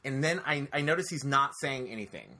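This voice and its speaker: A man telling a personal story on a casual podcast, animated and profane, talking straight to his listeners. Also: mid-range voice, a little fast.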